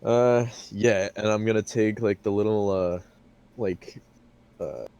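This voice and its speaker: A man playing a tabletop game, speaking haltingly with many fillers. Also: on the low side, fairly even intonation, dark tone, clear, resonant tone. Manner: hesitant, filler-heavy, halting. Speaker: player.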